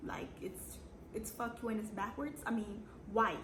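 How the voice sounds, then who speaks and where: A young Jamaican woman talking through a storytime vlog in a blunt, sassy, slangy way, her voice sitting a little high. She sounds like she's in an echoey room with steady background noise. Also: normal speed. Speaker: vlogger.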